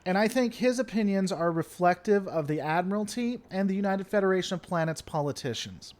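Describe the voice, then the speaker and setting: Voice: mid-range voice, expressive, brisk, a little mellow. A livestream host chatting casually and answering viewer comments, playful and theatrical, often repeating stalling phrases.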